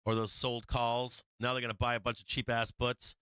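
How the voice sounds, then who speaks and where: A man's voice: medium pitch, flat delivery, moderate pace, sharp tone, clean tone, no echo, rough recording. A man hosting a live market stream, swearing freely, laughing often and repeating himself as he walks through charts. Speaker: market livestream host.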